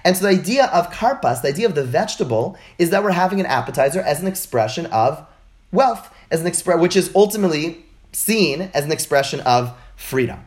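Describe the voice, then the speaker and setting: A man teaching religious texts in an informal lecture over a video call, animated and full of rhetorical questions. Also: on the high side, a little fast. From United States.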